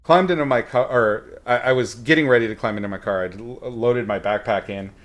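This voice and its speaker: A man's voice: medium pitch, a little fast. A man telling a story in a rambling, casual way while he paints, with many fillers and some blunt swearing. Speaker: painting instructor streaming a painting session.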